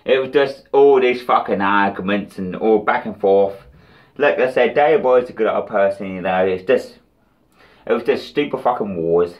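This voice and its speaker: A man's voice: lowish voice, moderate pace, dull audio. A British man ranting in a rambling, profane, taunting diss vlog. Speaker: vlogger.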